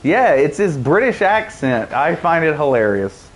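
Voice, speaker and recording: A man's voice: on the high side, big pitch swings, a little slow. A man giving casual, rambling gameplay commentary, joking and laughing at his own jokes. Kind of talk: casual let's-play chat.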